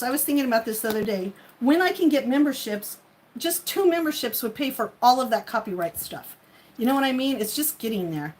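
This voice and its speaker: A woman's voice: sits high, low-quality recording. A woman hosting a livestream in casual chat, rambling and chatty with many fillers. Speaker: livestream host.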